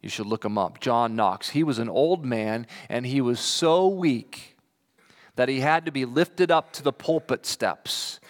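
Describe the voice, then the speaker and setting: A man preaching a sermon as pastor, animated, acting out quoted voices with big jumps in pitch. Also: unhurried, in a large hall. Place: church sanctuary.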